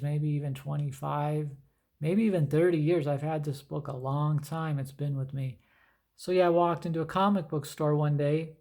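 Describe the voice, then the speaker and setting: A middle-aged man chatting casually as he shows his comic book collection, rambling with lots of fillers. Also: on the high side. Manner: rambling, relaxed storytelling with many fillers. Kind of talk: casual show-and-tell chat.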